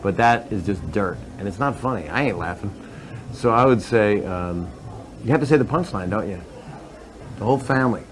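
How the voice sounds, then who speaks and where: A man's voice: fairly low pitch, expressive, normal speed, a little hiss or hum, poor audio. A male comedian telling a crude joke in rambling stand-up style, laughing through it and breaking off to restart.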